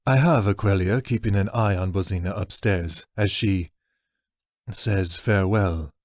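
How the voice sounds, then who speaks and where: A man voicing a weary male orc host who talks slowly and sighs, with a low voice. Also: no echo, studio quality. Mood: weary, regretful.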